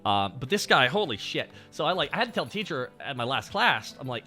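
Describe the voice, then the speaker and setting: A man's voice: mid-range voice, very animated, fairly quick, sharp tone, faint music behind. A young man, telling a story casually on stream in a profane, rambling way.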